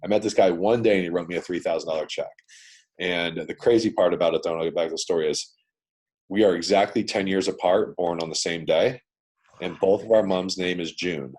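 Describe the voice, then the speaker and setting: Deep-voiced blunt man telling his story. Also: brisk, a little mellow, slightly rough. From Canada. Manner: blunt, profane, swaps in "man" and "dude". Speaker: guest entrepreneur. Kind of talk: casual storytelling interview. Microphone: video call.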